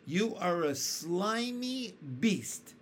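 Casting: boastful vain storybook centipede, read by a man, proud, bouncy pitch. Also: expressive, drawn-out words, slight background noise, full character voice. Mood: scornful. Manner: proud, bickering.

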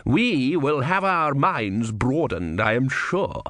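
A man voicing a cold, soft-spoken male inquisitor who talks slowly and deliberately, with silky menace. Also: mid-range voice, very animated, no room sound, studio quality. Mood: probing. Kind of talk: audiobook character voice.

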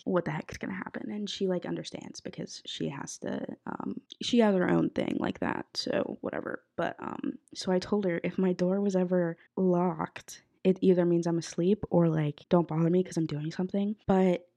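A woman's voice: lowish voice, creaky, darkish tone. A young woman hosting a podcast, chatting casually with lots of fillers, a bit sick. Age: young adult. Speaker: podcast host. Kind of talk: casual chat. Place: college apartment bedroom.

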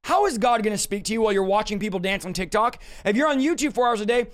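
A man's voice: high voice, lively intonation, fast. A young man preaching a sermon directly to his listeners, with an emphatic manner. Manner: emphatic, direct, addresses listeners as "you guys".

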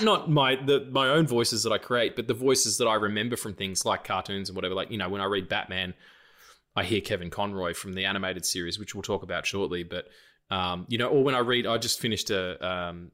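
A man in his late 30s co-hosts a podcast, chatting casually and loosely in a lowish, pushed and bright voice at normal speed. His talk includes swearing, laughter and restarts.

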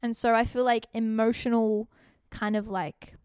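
A young Australian woman co-hosts a podcast, animatedly sharing a personal story in casual chat and acting out the dialogue as she goes. Her voice is smooth and fairly high, at a normal speed. The studio sound is clean, with no room sound.

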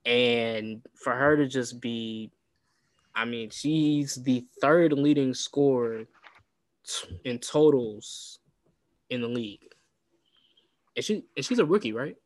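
A man talks through the sports week in a loose, rambling way, stumbling into restarts and fillers as he goes. His voice sits at an ordinary middle pitch. The recording is dry and close, with no room sound around it. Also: slow, pauses often, no room sound. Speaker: podcast host. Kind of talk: casual sports talk.

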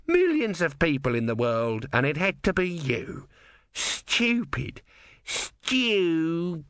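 A man's voice: fairly high pitch, big pitch swings, slow, a bit bright, smooth, no room sound, clean studio sound, voice pushed up, full character voice. A man voicing a small, petulant male tortoise god who whines and screeches indignantly. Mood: scornful.

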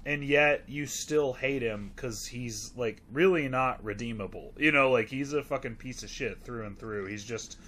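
A man's voice: mid-range voice, moderate pace, few pauses, a bit bright. A man in casual podcast chat about a movie, rambling and gushing, full of fillers and swearing. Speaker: podcast co-host reviewing a movie.

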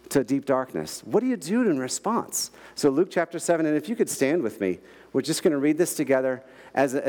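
A man giving a sermon as a guest preacher, telling stories with emotion and laughing often. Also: mid-range voice. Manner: animated, emotional storytelling with frequent laughs. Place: large church hall. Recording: long reverb of a large hall.

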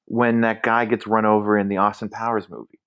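A man with a fairly low voice chats through a movie review. He is wry and asks pointed questions. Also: flat delivery, brisk, fairly bright tone. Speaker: podcast co-host. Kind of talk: casual movie review chat.

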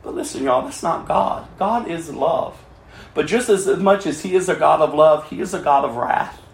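A man preaching a sermon as pastor, swinging from fervent cries to quiet pleading. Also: fairly high pitch, expressive, normal speed, creaky, reverberant.

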